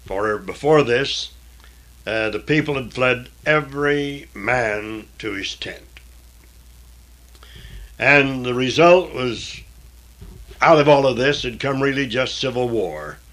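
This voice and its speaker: A man reading scripture aloud in a deliberate, old-fashioned diction, stopping now and then for plain explanatory asides. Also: mid-range voice, lively intonation, a bit bright. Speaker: Bible reader and teacher.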